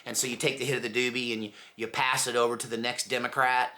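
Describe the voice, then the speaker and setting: A man's voice: medium pitch, little pitch movement, fast, bright, forceful tone. A middle-aged man hosting his own channel, telling stories in a casual rambling way and mimicking voices as he goes. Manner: storytelling, mimics voices, laughs at own jokes. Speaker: commentary channel host.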